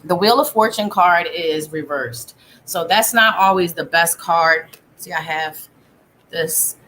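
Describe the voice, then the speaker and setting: A woman with a bright, forward voice gives a live tarot reading from her home. She talks casually, thinking aloud and breaking off mid-sentence. A faint hiss of background noise sits under the recording. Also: lowish voice, slow pace. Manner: chatty, thinks aloud, self-interrupting. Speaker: psychic tarot reader.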